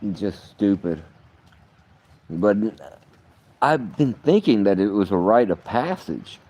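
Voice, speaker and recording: A man's voice: on the low side, big pitch swings, slow, dark tone, highs cut off. A man rambling in a vlog monologue, profane, muttering at times and then bursting out. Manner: profane, rambling, swings between muttering and outbursts. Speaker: vlogger.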